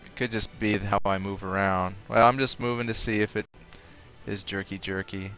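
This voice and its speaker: A man's voice: lowish voice, steady tone, moderate pace, fairly bright tone, soft background music. A man streaming a game live, chatting casually, thinking aloud and reading out viewers' comments. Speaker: livestream gamer.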